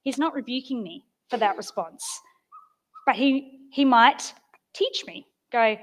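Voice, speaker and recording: A woman giving an informal, chatty sermon, telling stories with gentle humour. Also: a little high, measured pace, slight background noise. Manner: chatty and storytelling, with soft self-deprecating humour. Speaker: preacher.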